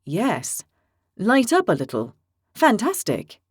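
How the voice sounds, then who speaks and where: A woman voicing a cheerful imprisoned man who talks in halting, broken short phrases. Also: mid-range voice, huge pitch swings, breathy edge, dry recording, studio quality, full character voice. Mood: plain.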